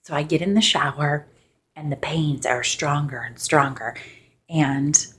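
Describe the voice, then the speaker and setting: A young woman casually telling a personal story in a loosely ASMR style, chatty and laughing, bursting into high excited voices when she quotes people. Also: measured pace, husky. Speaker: ASMR channel host.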